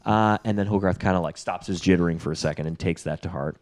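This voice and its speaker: A young man from Canada, a podcast host, chatting casually and retelling a movie with quick character voices. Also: sits low. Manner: animated, puts on quick character voices while recapping.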